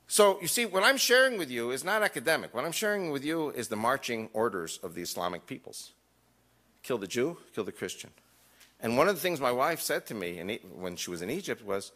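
A man's voice: medium pitch, sing-song, brisk, fairly bright tone. A man giving an emphatic lecture to a live audience, mixing wry jokes into his points.

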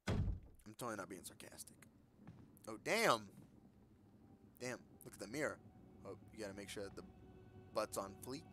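This let's play gamer sounds animated, speaking at a moderate pace with long pauses over a little hiss or hum. While playing, he jokes casually, talks back to the characters, lets out loud outbursts, and murmurs the on-screen text in a low voice.

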